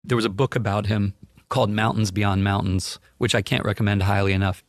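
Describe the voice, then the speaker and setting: This man speaks a little fast in a lowish voice, with no room sound. As a talk show guest telling an anecdote on a podcast, he's an animated, vivid storyteller who imitates the people involved.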